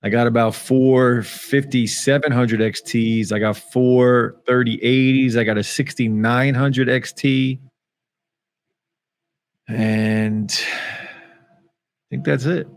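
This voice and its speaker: A relaxed man talking as a guest on a casual podcast. He chats easily and laughs often. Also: mid-range voice, slow pace, pauses often. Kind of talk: casual chat.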